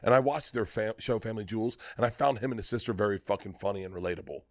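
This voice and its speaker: A middle-aged man telling a long, profane story in casual podcast banter, loud and animated. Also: lowish voice, very fast, dry recording, clean studio sound. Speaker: podcast co-host. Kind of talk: casual storytelling among comedians.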